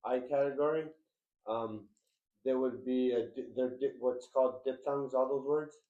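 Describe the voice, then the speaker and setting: A man's voice: medium pitch, steady tone, normal speed. A man asking a teacher questions hesitantly, heard from farther off in the room. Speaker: student. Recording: dull, echoey, from farther off.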